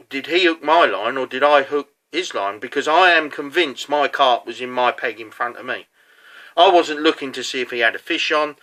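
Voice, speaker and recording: A man's voice: a little high, pushed and bright. A man, a competitive angler, recounting a match in a chatty, casual way, full of fillers and asides. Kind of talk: casual storytelling.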